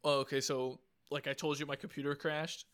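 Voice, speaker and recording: A man's voice: a little high, little pitch movement, fairly quick, fairly bright tone, clear, resonant tone. A young man co-hosting a casual podcast, rambling and swearing, with "like" in nearly every phrase. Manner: rambling, profane, full of "like". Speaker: podcast co-host.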